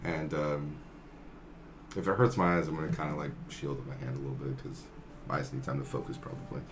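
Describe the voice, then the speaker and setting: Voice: rumbling low, level tone, brisk, noisy background. A player in a tabletop game, describing actions hesitantly and thinking aloud.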